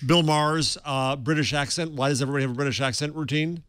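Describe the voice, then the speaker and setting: A man co-hosting a tech podcast, chatting casually with quick reactions and stumbling restarts. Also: on the high side, fairly even intonation, a bit bright, clear, resonant tone, no echo, clean studio sound. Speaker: podcast co-host. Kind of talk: casual panel chat.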